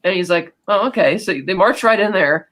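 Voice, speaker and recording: A man's voice: sits high, animated, normal speed, fairly bright tone, poor audio. A man co-hosting a podcast, casually retelling a film's scenes with lots of "you know" fillers. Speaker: podcast co-host. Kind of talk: casual film recap chat.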